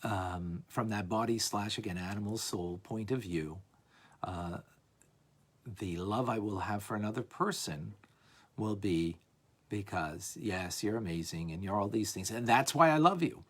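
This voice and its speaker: Husky-voiced man teaching a religious class. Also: on the low side, a little slow. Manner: animated, playful, acts out examples, frequent "right?". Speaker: Torah teacher. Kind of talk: lively class on a religious text.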